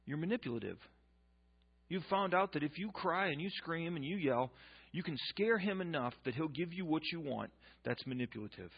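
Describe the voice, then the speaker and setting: Man, pastor, sermon, husky, emphatic, repeats points, muffled lo-fi sound. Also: a little high. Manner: emphatic, repeats key lines, joking asides.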